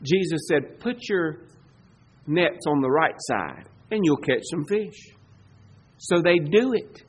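A man preaching a sermon, swinging between loud emphatic bursts and low, slow passages. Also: very animated, slightly rough, poor audio. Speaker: pastor.

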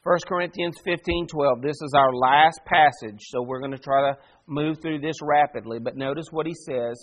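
A pastor preaching a sermon, animated and full of rhetorical questions to the congregation. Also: male voice, fairly high pitch, normal speed.

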